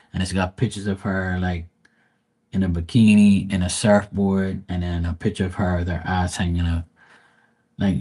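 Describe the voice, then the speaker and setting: A man's voice: low voice, a little mellow. A man hosting a live stream, telling rambling stories and ranting bluntly with a lot of swearing. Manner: profane, blunt, rambling storytelling. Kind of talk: casual ranting chat.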